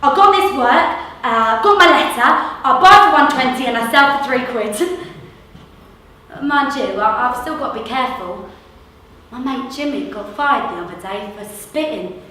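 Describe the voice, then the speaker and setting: A woman's voice: on the high side, normal speed, bright, forceful tone. A woman playing a chatty, cheerful London street seller in a theatre monologue, telling a story and mimicking the voices of others, with a London accent. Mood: lively. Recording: echoey hall from far off.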